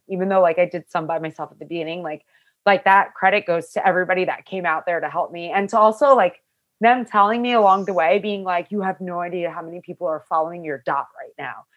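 A young woman casually telling a long story, talking loosely with lots of "like" fillers and animated, quoted asides. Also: fairly low pitch, muffled recording. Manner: chatty, full of "like" fillers, animated retelling. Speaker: hiker telling her story.

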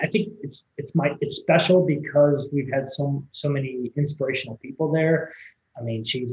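Man, race director, excitable rambling storyteller, mid-pitched voice, roomy echo. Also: dull audio. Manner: rambling, excitable, lots of fillers and restarts. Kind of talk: conversational interview storytelling.

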